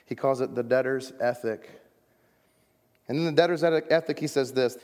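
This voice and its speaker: A man preaching a sermon as a pastor, reading scripture and swinging between loud emphasis and hushed lines. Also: medium pitch, normal speed. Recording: long reverb of a large hall.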